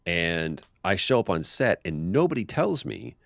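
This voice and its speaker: A man as an interview guest, telling animated behind-the-scenes stories and acting out quotes with frequent restarts. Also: deep voice, a little slow, vocal fry, no echo, studio quality. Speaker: voice actor guest. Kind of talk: casual interview storytelling.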